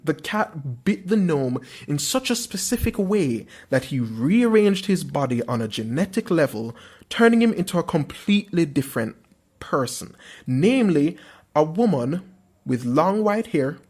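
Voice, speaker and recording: A young man with a slightly high voice hosts a podcast and retells a dream for laughs. His delivery is wry and self-mocking, full of theatrical asides. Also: animated, moderate pace, a little mellow, slightly rough. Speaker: podcast host.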